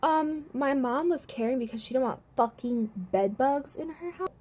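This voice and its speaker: Young woman ranting thru a storytime vlog at home, swears a ton, says like constantly, kinda high but mellow voice. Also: moderate pace. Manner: profane, heated retelling full of "like". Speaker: vlogger.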